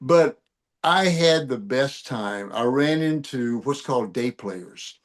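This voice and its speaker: An older man, a musician, telling lively anecdotes in an interview, laughing as he goes. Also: medium pitch, slow pace. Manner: animated storyteller, laughs often. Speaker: guest musician. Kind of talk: storytelling interview.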